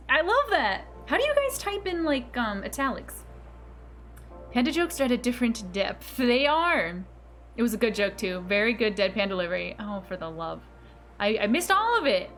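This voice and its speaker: A woman game streamer talks loosely to her viewers, quick to laugh and poke fun at herself. Her voice sits a little high, and faint music runs behind her. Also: big pitch swings, fairly bright tone. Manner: bubbly, giggly, self-teasing, reacting to chat. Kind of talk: casual live-stream chat with viewers.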